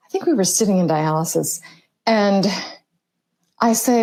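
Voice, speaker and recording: A woman's voice: medium pitch, lively intonation, unhurried, long pauses, dark tone, no room sound. A woman writer telling a personal story about signs from the spirit world, reflective and acting out what others said. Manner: reflective, acts out quoted voices.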